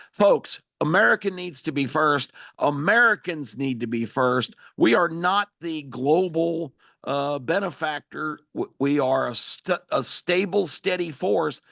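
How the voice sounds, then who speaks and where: Emphatic gravelly talk radio host. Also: male voice, fairly high pitch, pushed and bright, dry recording, studio quality. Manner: emphatic and opinionated. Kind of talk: political talk radio commentary.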